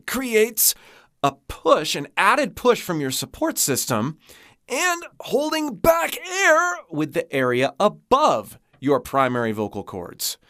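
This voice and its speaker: Man, vocal coach, expressive and demonstrative, unhurried delivery, dry close sound. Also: sits high, no room sound. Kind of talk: singing lesson explanation.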